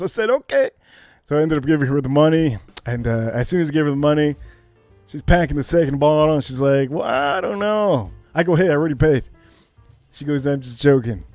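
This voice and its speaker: A man's voice: a little high, no room sound. An American man hosting a livestream, telling a long casual story and repeating phrases for emphasis. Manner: animated, repeats phrases, shifts into loud exclamations. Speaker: livestream host.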